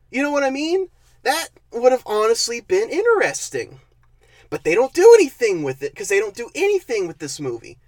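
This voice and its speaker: Here a mid-range voice swoops wildly in pitch at a moderate pace, recorded without echo. The speaker is a film reviewer casually ranting, sarcastic and fed up, who keeps laughing and tripping over restarted sentences.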